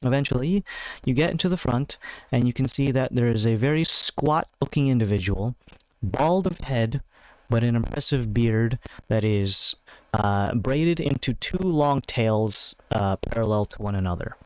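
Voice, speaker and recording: Here a man with a mid-range voice runs a tabletop game, narrating scenes at a relaxed pace and leaning on plenty of fillers. There's no room sound, and the audio quality is poor.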